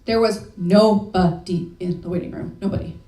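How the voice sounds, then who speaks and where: A woman's voice: on the low side, fairly even intonation, normal speed, dark tone. A young woman talking candidly and emotionally in a personal story talk, with casual swearing. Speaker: speaker. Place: event hall. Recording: echoey room from far off.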